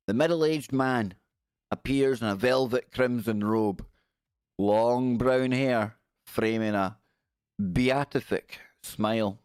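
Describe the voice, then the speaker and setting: A man's voice: medium pitch, a little mellow, no echo. A man hosts a casual livestream, wry and joking as he reads news aloud. His voice sits in a middle register. The sound is dry and close, with no room around it. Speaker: livestream host. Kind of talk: casual live-stream commentary.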